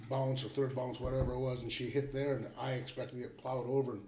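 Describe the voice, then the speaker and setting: An older man of medium pitch recounts a tale in a plainspoken, folksy way. His voice rings with a roomy echo, as if he is sitting a bit back in the room. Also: flat delivery, quick pace, a little mellow, slight background noise. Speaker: guest. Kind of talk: casual storytelling.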